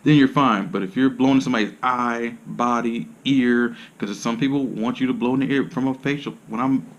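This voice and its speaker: A man's voice: medium pitch, fairly even intonation, a little fast, dull audio. Blunt, profane male massage therapist. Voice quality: blunt, profane, streetwise slang. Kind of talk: casual monologue to camera.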